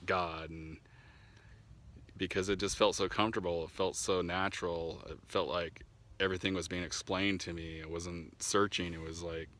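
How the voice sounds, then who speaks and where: A man telling the story of his spiritual journey to a camera outdoors. He rambles with fillers and restarts, laughs often, and grows animated when he is annoyed. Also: low-pitched, normal speed. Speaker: vlogger sharing spiritual testimony. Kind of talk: casual personal storytelling to camera. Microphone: camera mic.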